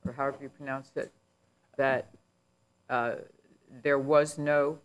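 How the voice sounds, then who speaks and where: A man serving as an appellate judge, asking a measured question that sums up counsel's position. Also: medium pitch, little pitch movement, smooth.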